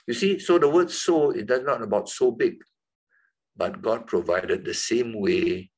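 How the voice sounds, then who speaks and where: Male Bible teacher, husky voice, very lively pitch, emphatic classroom delivery. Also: poor audio. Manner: lively, emphatic, rising high on key words.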